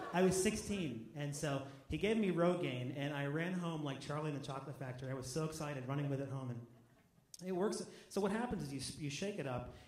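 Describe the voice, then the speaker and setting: Man doing stand-up in an echoey club. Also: a little high. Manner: punchy, self-mocking delivery with loud bursts. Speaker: stand-up comedian. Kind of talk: stand-up set. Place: comedy club stage with live audience. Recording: echoey club room, audience noise.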